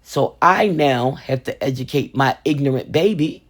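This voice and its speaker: Sassy and playful, the older woman behind a resin crafting channel tells a story, dubbing herself Mama and calling viewers baby and sugar. She speaks in an expressive, rumbling low voice at normal speed with few pauses.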